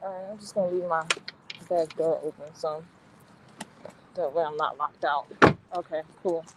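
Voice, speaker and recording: A woman's voice: low voice, steady tone, moderate pace. A young woman vlogging from her parked car, talking to viewers in a flustered, chatty way and swearing often. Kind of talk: casual vlog talking to viewers. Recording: noticeable background noise.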